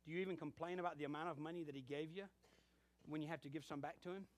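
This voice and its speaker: A man's voice: on the high side, very fast. A middle-aged male pastor preaching a sermon, telling stories and acting out bits of dialogue. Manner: animated storytelling with acted-out dialogue.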